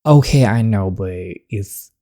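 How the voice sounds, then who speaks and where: A woman's voice: very deep voice, unhurried, warm tone. A woman hosting a casual let's-play, chatting and reacting to a story game as she plays. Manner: chatty, talks to herself about the story. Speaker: gaming channel host.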